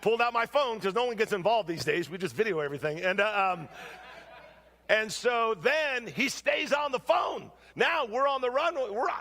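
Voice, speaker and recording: A man preaching a storytelling sermon in a church, shouting during his stories and dropping low for his main points. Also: creaky, in a large hall. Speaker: guest preacher. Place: church sanctuary.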